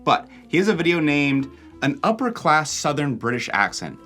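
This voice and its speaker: A young American man narrates his travel vlog in a chatty way, his pitch rising and falling a lot. A faint music bed plays underneath. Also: moderate pace. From Oregon, USA. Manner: animated, chatty. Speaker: vlogger host.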